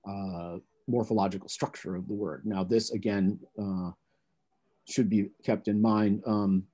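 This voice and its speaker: A man giving an academic conference talk, explaining research in a measured, lecturing way. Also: lowish voice, fairly even intonation, dark tone, highs cut off. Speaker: conference presenter.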